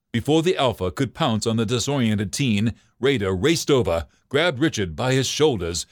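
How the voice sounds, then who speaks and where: Guy narrating a storybook, lively rise and fall, dry close sound. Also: mid-range voice, no room sound. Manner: expressive reading.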